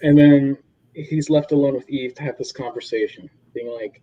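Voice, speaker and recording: A man casually recapping a comic on a podcast, animatedly retelling scenes and acting out characters' lines. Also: moderate pace. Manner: animated retelling, mimics characters with high strained voices. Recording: dull lo-fi recording.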